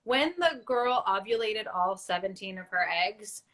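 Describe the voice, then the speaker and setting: A woman guest in a casual interview, telling her story in an animated way and acting out what others said. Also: mid-range voice, measured pace. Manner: animated storytelling, acts out quotes. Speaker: actress guest.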